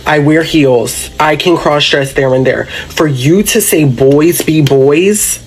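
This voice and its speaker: A man's voice: on the high side, unhurried. A man ranting in a reaction video, indignant and emphatic, with some swearing.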